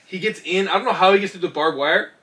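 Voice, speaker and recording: A man co-hosting a casual comedy podcast, telling stories with lots of swearing and bursts of shouting. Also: high-pitched, fast. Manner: profane storytelling, shouts when acting out scenes. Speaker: podcast co-host.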